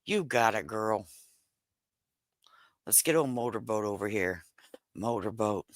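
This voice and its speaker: A middle-aged woman chats casually on a live stream from her home kitchen, laughing often and using Southern slang as she talks into a headset microphone. Her very deep voice has lively intonation and a measured pace, and the recording is rough, with no room sound.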